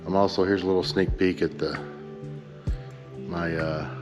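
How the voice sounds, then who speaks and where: Deep-voiced man vlogging about motorcycles. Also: fairly even intonation, moderate pace, long reverb tail, lo-fi sound, over music. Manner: earnest, asks viewers for advice. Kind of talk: casual chat to camera.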